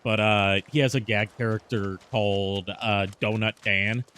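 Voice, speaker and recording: Animated male game streamer. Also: on the low side, unhurried. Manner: animated, jumping into silly impressions. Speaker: streamer host. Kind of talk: casual gameplay chat. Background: faint game music.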